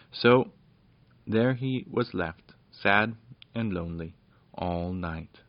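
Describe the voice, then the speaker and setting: Low-voiced man reading a storybook. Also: no room sound. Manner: plain, steady reading with small slips. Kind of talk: reading a children's storybook aloud. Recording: dull lo-fi dry recording.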